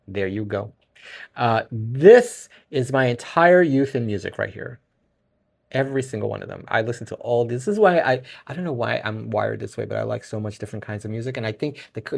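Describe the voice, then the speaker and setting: Gravelly rambling man with a Brooklyn accent. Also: medium pitch, darkish tone. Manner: rambling, self-correcting, chuckles often. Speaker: podcast host. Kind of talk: casual solo podcast talk.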